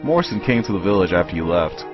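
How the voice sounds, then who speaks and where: A man's voice: sits low, expressive, fast talker. Man reading a grave, stern guardian. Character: stern grown male guardian. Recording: muffled capture with game music.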